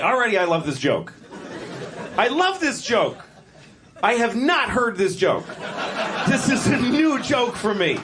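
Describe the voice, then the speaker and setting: A man's voice: very high voice, big pitch swings, a little slow, pauses often, crowd noise. A man performing a stand-up comedy set in a club, rambling and interrupting himself. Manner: rambling, self-interrupting, acting out voices. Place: comedy club stage with audience. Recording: noisy live club recording.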